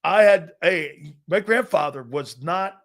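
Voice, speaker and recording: Male sports talk host in his fifties, brash and boastful, fairly high-pitched, restarts often and acts out quotes. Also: takes it slowly, fairly bright tone. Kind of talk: casual sports talk storytelling.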